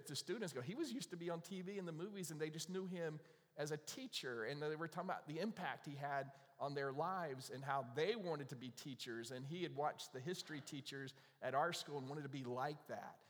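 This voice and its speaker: A man's voice: a little high, fairly bright tone. A middle-aged man from North Carolina preaching a conversational sermon, asking the congregation questions and acting out quoted asides. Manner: chatty, asks the congregation questions, acts out little quoted asides. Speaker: pastor. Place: church sanctuary. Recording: long reverb of a church hall.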